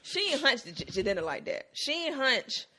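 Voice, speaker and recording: Animated woman recapping TV with laughs. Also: sits high, normal speed, a little hiss or hum. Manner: animated, laughing, slangy storytelling. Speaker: podcast co-host. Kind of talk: casual TV recap chat.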